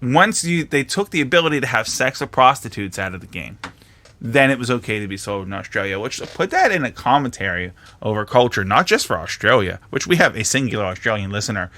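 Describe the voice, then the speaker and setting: Animated, bright-voiced man podcaster. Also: medium pitch, a little fast. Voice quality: profane, animated storyteller. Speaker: podcast co-host. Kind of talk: casual podcast chat.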